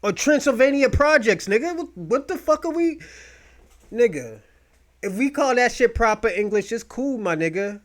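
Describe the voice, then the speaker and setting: A man hosting a podcast, talking in loud, rambling, mocking rants full of profanity. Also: very high-pitched, expressive, normal speed. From United States. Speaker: podcast host. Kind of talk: profane casual commentary.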